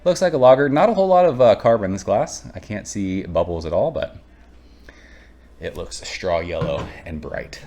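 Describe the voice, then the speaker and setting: A man with a very low voice reviews a beer in an easygoing, chatty way. He rambles with plenty of ums and uhs, speaks bluntly, and drops the odd swear word. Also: lively intonation, normal speed, a little mellow, slight background noise. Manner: rambling, blunt and profane, with frequent fillers. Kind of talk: casual chat.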